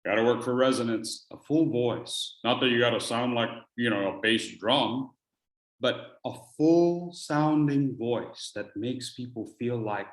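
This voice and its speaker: A man coaching public speakers in a workshop, swinging from loud bursts to near whispers. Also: mid-range voice, moderate pace, reverberant. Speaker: speech coach. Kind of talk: workshop teaching.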